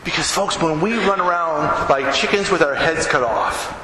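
Animated male preacher in an echoing hall. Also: fairly high pitch, normal speed. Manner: emphatic, animated, acts out scenes. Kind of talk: sermon. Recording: echoey hall with background noise.

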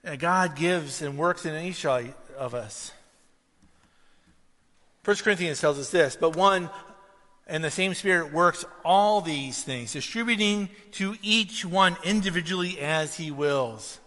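Animated high-voiced preacher in a hall. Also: male voice, slow pace. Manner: animated storytelling, mimics voices in anecdotes. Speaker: pastor. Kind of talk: sermon. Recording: long reverb of a hall.

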